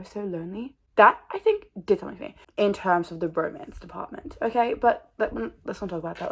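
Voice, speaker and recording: A young woman, rambling and oversharing in a casual chat to camera, laughing often and restarting her sentences. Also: mid-range voice. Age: young adult. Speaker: vlogger.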